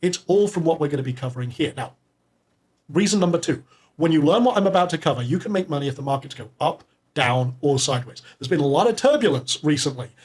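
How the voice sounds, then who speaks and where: A man hosting a live online webinar, upbeat and salesy, reading names from the chat and pitching to viewers. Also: animated, fast talker, a little mellow. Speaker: webinar host.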